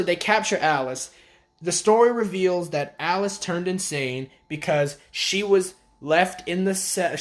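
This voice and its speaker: A man recapping a TV episode in an exasperated, sarcastic, profane rant. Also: a little high. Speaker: video commentator. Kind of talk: ranting TV show recap.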